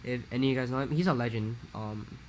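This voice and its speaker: A young man from Hawaii, telling a rambling, animated story in a casual podcast chat. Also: medium pitch, fast, a little hiss or hum. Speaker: podcast co-host.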